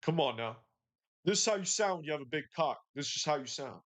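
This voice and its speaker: A boastful macho man , played by a man in a mock impression, forces his tone to sound tough while he brags. The delivery drips with exaggerated swagger and sits a little high. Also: lively intonation, fast talker, fairly bright tone.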